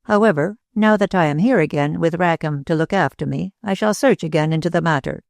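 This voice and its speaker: Storybook part: a brooding little old inventor, grave and deliberate, read by a woman with a low voice. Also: creaky, no echo, clean studio sound. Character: older male inventor, small, brooding, intense.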